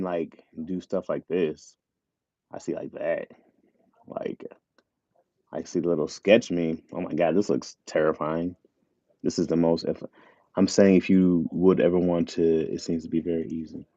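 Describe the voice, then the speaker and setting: A man's voice: deep voice, moderate pace, mellow, no echo, muffled recording. A man hosting a casual livestream, reading chat aloud and laughing often, talking into a tablet mic. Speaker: livestream host. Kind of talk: casual live chat with viewers. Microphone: tablet mic with earbuds.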